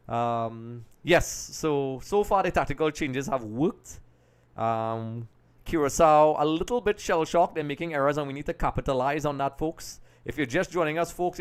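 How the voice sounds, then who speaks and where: A young man hosting a live football watch-along, chatting to viewers and calling the match with excited bursts at chances. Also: mid-range voice, smooth. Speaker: watch-along streamer and commentator.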